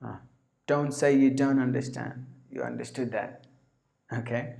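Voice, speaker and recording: A man teaching a spoken lesson. He talks slowly and carefully, sets out single words one at a time, and often clears his throat. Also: mid-range voice, fairly even intonation, darkish tone. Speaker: English teacher. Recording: echoey room.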